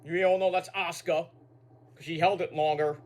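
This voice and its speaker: A man's voice: a little high, steady tone, moderate pace. A man giving a casual recap of a show. He rambles, repeats words, makes asides and swears freely. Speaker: wrestling show reviewer.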